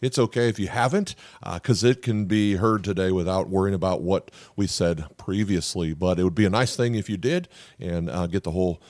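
A man's voice: low-pitched, brisk, darkish tone, no echo. A middle-aged man, a pastor and podcast host, giving a sermon in an earnest, conversational way, with frequent "uh" fillers and restarts.

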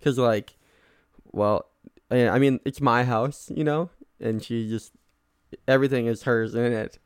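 A man's voice: mid-range voice, steady tone, a little slow, clean tone, no echo, clean studio sound. A young man chatting casually on a podcast, rambling and self-mocking, laughing often. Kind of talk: casual chat.

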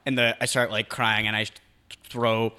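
A man's voice: lowish voice, little pitch movement, normal speed, pushed and bright, clear, resonant tone. A man co-hosting a podcast in casual banter, joking and acting out silly scenarios. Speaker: podcast co-host.

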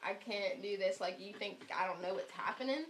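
A man's voice: high-pitched, normal speed, a bit bright, slight background noise, pitched below the performer's own voice. A woman quoting a panicked, paranoid young man who pleads frantically that people are out to kill him. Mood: paranoid, frantic.

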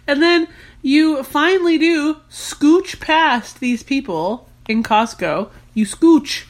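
Animated high-voiced Canadian woman. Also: slow pace. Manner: animated, exasperated storytelling with vivid exaggeration. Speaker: podcast co-host. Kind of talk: casual chat.

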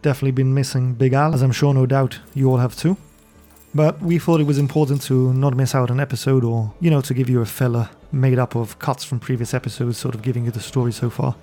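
Mellow-voiced man narrating a tabletop game. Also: medium pitch, fairly even intonation, soft background music. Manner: measured storytelling, then chatty sign-off. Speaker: game master and podcast host. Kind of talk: scripted fantasy narration. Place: podcast studio.

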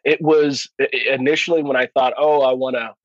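A man's voice: medium pitch, steady tone, fairly quick, no echo, lo-fi sound. A male podcast guest speaking in a reflective way, often restarting and repeating words. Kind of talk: casual interview chat.

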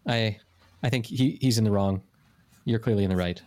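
A man's voice: on the low side, normal speed, darkish tone. A man co-hosting a casual podcast, chiming in with dry, wry remarks. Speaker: podcast co-host. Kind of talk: casual chat.

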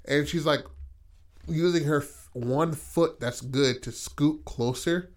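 A man casually pitching a story idea in loose, profane talk, acting out the characters' lines. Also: slow. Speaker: podcast host.

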